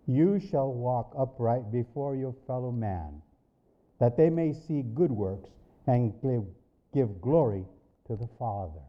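A man voicing a firm, commanding divine male voice that speaks slowly and solemnly. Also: lively intonation. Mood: stern. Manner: slow, low and solemn. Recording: dull lo-fi recording.

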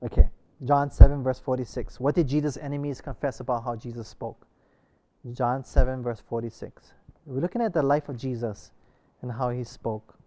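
A man's voice: medium pitch, fairly even intonation, normal speed, warm tone. A man leading an interactive Bible class, asking the group many short questions. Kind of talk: interactive church class discussion.

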